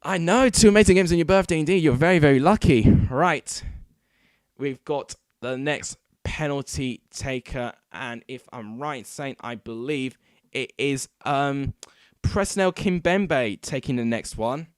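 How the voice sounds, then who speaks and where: Guy commentating a match live at his desk mic, gets super hyped and shouty, smooth voice. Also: mid-range voice, measured pace, no room sound, clean studio sound. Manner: excitable, erupting into shouts at goals. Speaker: football watchalong host. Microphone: desk microphone.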